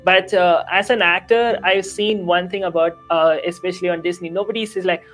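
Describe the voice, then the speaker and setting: A man's voice: high voice, steady tone, brisk, a bit bright, soft background music, low-quality recording. A man hosting an interview, asking long, rambling questions full of fillers and restarts. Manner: rambling, searching for words, fillers. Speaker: interview host.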